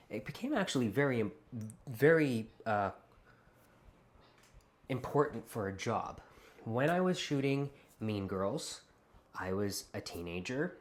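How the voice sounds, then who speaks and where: Canadian man, late 30s, host talking to camera, animated and playful, mid-pitched voice. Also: a little slow, long pauses. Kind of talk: casual talk to camera.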